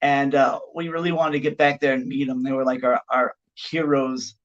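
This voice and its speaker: A middle-aged man, a pro wrestler guest on a podcast, telling anecdotes in an animated, casual way with lots of "like" fillers. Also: mid-range voice, normal speed, highs cut off.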